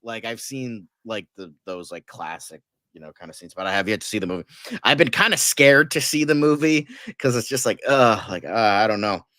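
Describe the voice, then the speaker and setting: A man with a lowish voice talks in a loose, rambling way, full of fillers and casual swearing. He sounds close to the mic in a dry, dead room. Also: expressive, brisk, sharp tone, dry recording. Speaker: podcast co-host. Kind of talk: casual movie chat.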